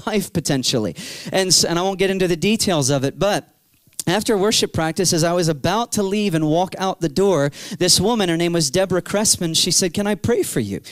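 A man in his thirties preaching a sermon, telling his story with animated energy and acting out his own past cries. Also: high-pitched, smooth, no room sound. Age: 30s.

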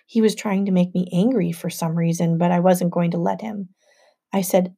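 A woman narrating a first-person novel in a steady storytelling voice. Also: lowish voice, normal speed, gravelly, husky. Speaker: audiobook narrator.

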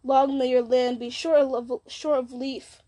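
A woman's voice: high-pitched, level tone, unhurried, warm tone. A woman reading the lines of a bitter, scornful old male wizard, with a sneering, mocking manner.

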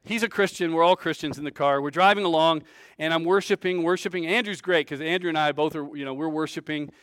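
Man with a high voice for his sex telling a lively story from the pulpit. He swings between loud bursts and near-quiet asides, acting out the voices of the people he quotes. The sound is dry and close, with no room echo. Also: quick pace. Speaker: preacher. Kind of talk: storytelling sermon.

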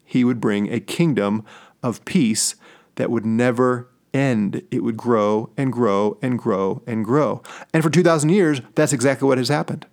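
A middle-aged man from St. Louis giving a Bible teaching on his podcast, stressing key words by slowing down or whispering them. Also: medium pitch, a little mellow. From St. Louis, USA. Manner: emphatic, slows down and drops to a whisper on key words. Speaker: podcast host.

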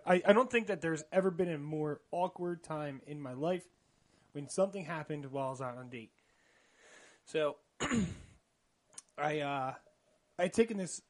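A young man telling an awkward dating story in a casual podcast chat, animated and often laughing. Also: fairly high pitch. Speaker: podcast co-host.

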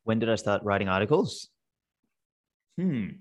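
A man's voice: lowish voice, animated, normal speed. A man in his thirties, a podcast guest, answering in a rambling, casual way full of restarts and "like". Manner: rambling, restarts, lots of fillers like "like".

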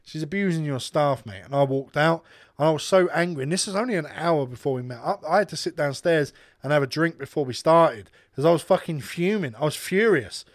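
A man's voice: a little high, fairly quick, dry recording, clean studio sound. Sweary man telling an angry story. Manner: heated, sweary storyteller who acts out the people in his story. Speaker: podcast co-host and radio presenter. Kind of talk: casual chat, ranting anecdote.

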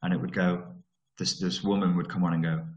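A deep, level, slightly mellow male voice speaks briskly through lo-fi sound and a roomy echo. The speaker, a Merseyside vlogger, rants in a monologue that's blunt, sarcastic, and full of swearing and mocking voices.

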